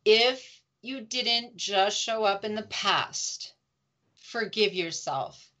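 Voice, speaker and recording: A woman speaking as a guest in an interview, animated and emotive, telling heartfelt stories and laughing often. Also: medium pitch, slow pace. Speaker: guest, grief support speaker. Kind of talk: conversational interview. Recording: slightly dull lo-fi audio.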